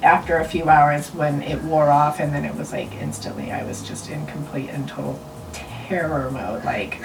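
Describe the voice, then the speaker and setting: A middle-aged woman tells a heartfelt family story in a lower voice, halting and tearful, stumbling through fillers. She sits slightly away from the microphone, with a soft noise floor behind her. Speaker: mother of the twins. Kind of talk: emotional storytelling. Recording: slightly distant mic with faint noise.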